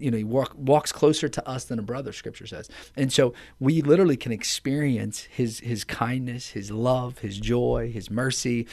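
A man's voice: mid-range voice, a little mellow. A man hosting a faith podcast, speaking in an earnest, preachy way while chatting. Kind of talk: casual faith podcast chat.

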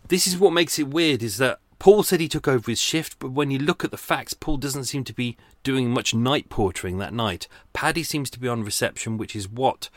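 A man's voice: mid-range voice, a bit bright, no room sound. Guy rambling through his podcast, ums everywhere, swears a bit, worn out from the heat, dry close sound. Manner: rambling, self-deprecating, swears casually, many fillers. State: hot and flagging in the heat. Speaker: true crime podcast host. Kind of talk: casual solo podcast monologue.

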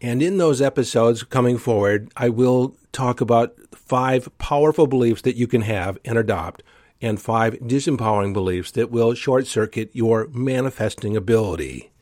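An earnest man hosting a motivational podcast, coaching his listeners with emphatic conviction. His voice sits at an ordinary middle pitch and is recorded close and dry, with no room around it. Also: moderate pace, a little mellow, no room sound. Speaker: podcast host. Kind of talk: motivational solo talk.

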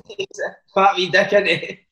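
A man hosting a casual chat, with eager, chummy and quick reactions. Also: high-pitched, sing-song, sharp tone.

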